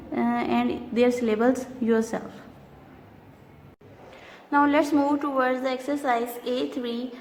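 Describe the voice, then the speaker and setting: A woman teaching an English poetry lesson, speaking slowly and deliberately and counting syllables aloud. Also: sits high, darkish tone. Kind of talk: recorded classroom lesson. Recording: long reverb, faint noise.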